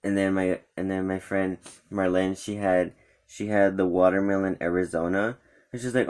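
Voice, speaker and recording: A young man telling a rambling, animated story about a day out with friends in a casual vlog, acting out what his friends said. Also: low-pitched, moderate pace, clean tone. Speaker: vlogger.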